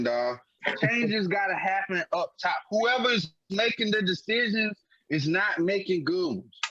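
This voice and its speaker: A sports podcast co-host with a high voice and measured pace argues emphatically, animated and full of casual slang. The audio has a dull, lo-fi podcast quality.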